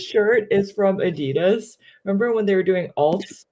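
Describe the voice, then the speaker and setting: A woman hosting a casual livestream chat, playful and quick to giggle. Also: medium pitch, mellow, slight background noise. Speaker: host.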